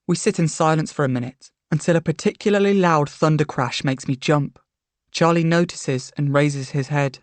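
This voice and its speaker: Woman reading a story quietly. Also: sits low, normal speed, dry recording. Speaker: story reader. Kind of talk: first-person story narration.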